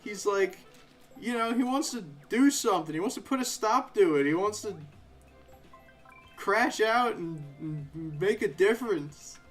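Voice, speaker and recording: A young man casually commenting on a live game playthrough, shifting from quiet narration into animated, sarcastic rants. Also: high-pitched, unhurried, faint music behind. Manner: ranting, sarcastic, animated asides. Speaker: game streamer.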